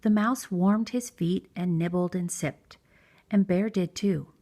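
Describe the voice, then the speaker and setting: A woman reading a picture book aloud to young children, gentle and expressive. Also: lowish voice, slow pace. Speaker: children's story reader. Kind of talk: read-aloud storytelling for preschoolers.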